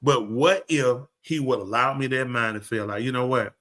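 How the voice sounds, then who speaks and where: A man's voice: mid-range voice, moderate pace. An older man, a preacher, telling stories in casual talk and acting out dialogue in a raised voice. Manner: animated, acts out dialogue in raised voice.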